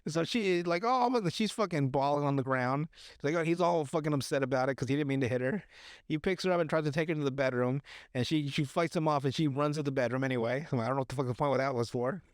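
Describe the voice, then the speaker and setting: Man, podcast host, casual movie recap, cursing, animated, slightly high voice, dry close mic. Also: fast talker, no room sound. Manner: profane, animated retelling with acted-out quotes.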